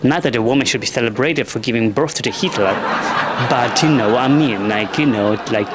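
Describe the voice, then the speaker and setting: A man's voice: medium pitch, fairly quick, over a noisy crowd, heavy background noise. A young man with a non-native English accent doing a rambling, self-deprecating stand-up comedy monologue.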